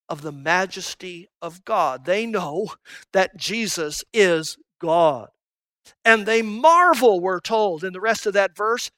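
A preacher delivering a sermon at an unhurried, deliberate pace, dwelling on each phrase. The voice is bright and forward, and it sits close and dry with no room around it. Key words come back again and again, with the delivery rising strongly and then dropping almost to a murmur. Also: medium pitch, no echo. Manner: emphatic, repeating key phrases, swinging between loud and hushed.

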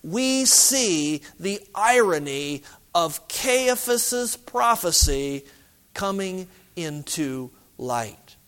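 Male preacher, sermon; very high, resonant voice, unhurried, sinks quiet for emphasis. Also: very animated, smooth. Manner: measured, drops to a low hush for emphasis. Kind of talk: expository sermon.

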